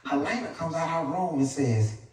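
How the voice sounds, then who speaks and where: Stand-up guy telling family stories, lively pitch jumps, sounds far off with a loud crowd laughing. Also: moderate pace, very echoey, slight background noise. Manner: animated, voices family members in high squeals. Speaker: stand-up comedian. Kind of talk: stand-up storytelling. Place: live comedy stage. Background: audience laughter.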